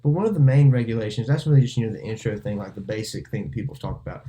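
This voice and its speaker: Fast-talking man, mellow voice. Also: on the low side, expressive. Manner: rambling, self-correcting, steers talk back on topic. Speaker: podcast co-host. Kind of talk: casual podcast chat.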